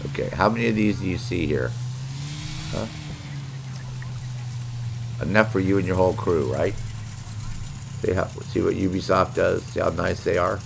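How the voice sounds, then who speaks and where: A brash middle-aged man streams a game, joking and cursing as he talks to his viewers. His voice sits on the low side, with a faint hiss of noise behind it. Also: moderate pace, vocal fry, pauses often. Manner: brash, profane, joking banter with chat. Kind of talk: live gameplay commentary.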